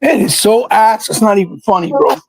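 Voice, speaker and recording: A man's voice: high voice, a little fast, a little hiss or hum, low-quality recording. A man co-hosting a casual gaming chat, ranting and swearing in exasperation. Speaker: podcast co-host.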